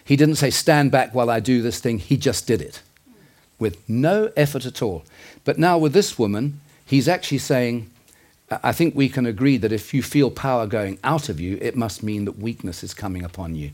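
Guy preaching a sermon, earnest and chatty, mid pitch, stops to correct himself. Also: animated, normal speed, darkish tone. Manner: earnest, conversational, with self-corrections and asides.

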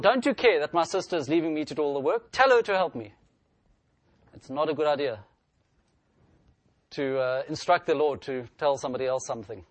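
A man's voice: on the high side, no echo. A man preaching a sermon in an earnest style, lifting his voice when he reads scripture aloud.

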